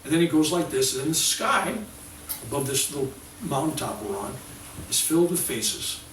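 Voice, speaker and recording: An older man giving a spiritual workshop lecture, telling a story with animated acted-out dialogue. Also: medium pitch, normal speed, slight background noise. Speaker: workshop speaker. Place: workshop room. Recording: roomy sound from a distant mic.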